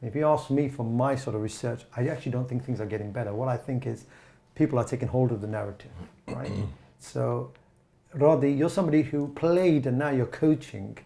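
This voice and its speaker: A male host leads a panel discussion with a gravelly, mellow voice. He asks his guests probing questions that build in layers. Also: mid-range voice, fairly quick. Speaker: host, interviewer.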